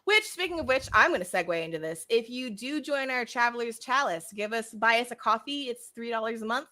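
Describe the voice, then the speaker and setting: A woman's voice: a little high, animated, fairly quick, pushed and bright. A woman from the United States co-hosting a live stream, chatting casually and laughing often. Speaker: podcast co-host.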